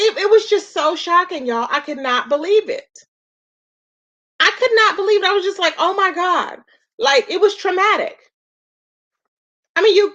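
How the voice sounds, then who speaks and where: Woman live-stream host, high voice, sassy and exasperated, dull lo-fi audio. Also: bright, forceful tone. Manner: sassy, exasperated, rhetorical, greets chat viewers with endearments.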